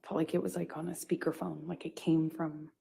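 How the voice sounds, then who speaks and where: A woman giving courtroom testimony in a halting way, with many restarts and pauses. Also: deep voice, level tone, vocal fry, dark tone, breathy edge. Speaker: witness testifying.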